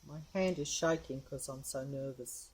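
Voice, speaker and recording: A woman's voice: very deep voice, moderate pace, darkish tone, a little hiss or hum. Chatty woman filming on her street. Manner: chatty, meandering, talks to camera and to her cat. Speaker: vlogger. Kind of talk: rambling handheld phone vlog. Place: outdoors on a residential street.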